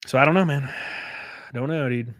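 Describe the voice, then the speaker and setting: A man's voice: mid-range voice, normal speed, no room sound, clean studio sound. A man casually telling stories on his livestream, laid back and swearing freely. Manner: profane, laid-back storytelling. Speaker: streamer.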